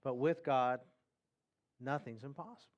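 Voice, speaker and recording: A man's voice: mid-range voice, a little slow, dull audio. A man, a pastor, delivering a sermon in an emphatic preaching cadence.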